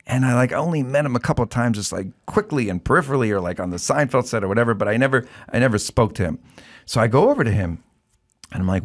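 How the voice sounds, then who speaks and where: A male comedian guest on a talk show, telling stories in casual chat with animated delivery and quick asides. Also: medium pitch.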